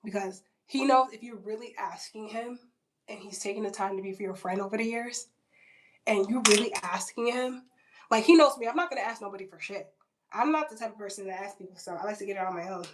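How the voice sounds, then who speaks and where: A woman in her 20s chats through a story in a blunt, casual vlog, quick-paced and mid-range in voice, full of "like," fillers and curse words. Slight background noise is present, and the room sounds large with the mic set far from her.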